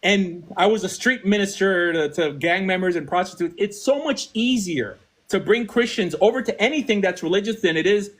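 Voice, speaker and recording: A man's voice: high voice, normal speed, fairly bright tone. A man hosting a call-in podcast as a rabbi, talking earnestly and making persuasive arguments. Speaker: rabbi and host.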